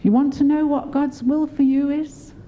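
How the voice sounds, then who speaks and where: A woman's voice: moderate pace, lo-fi sound. An older woman preaching a sermon, encouraging and often laughing as she speaks. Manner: warm, laughing, encouraging, lively pitch swings.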